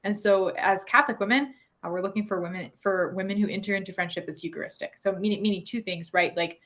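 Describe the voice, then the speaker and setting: A woman's voice: medium pitch, fast, fairly bright tone. A woman in her thirties, a guest author on a podcast, talking earnestly and thoughtfully with many fillers and restarts. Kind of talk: conversational interview.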